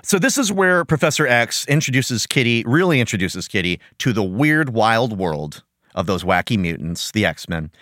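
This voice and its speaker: Young male podcast host, casual, animated, very lively pitch, dry close sound. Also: normal speed, no room sound. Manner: animated, laughs often, acts out character voices. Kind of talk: casual chat about a cartoon.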